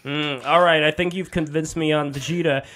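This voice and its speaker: A man's voice: fairly high pitch, steady tone, moderate pace, bright, forceful tone. A man in a casual stream chat who asks questions in an inquisitive way and laughs easily.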